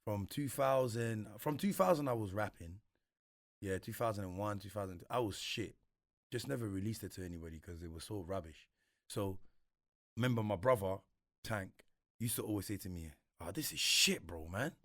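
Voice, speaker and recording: Thirties guy, low dry voice, reflective interview guest, slangy. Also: normal speed, dry recording. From Congo. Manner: reflective, slangy, repeats himself often. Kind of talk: casual interview talk.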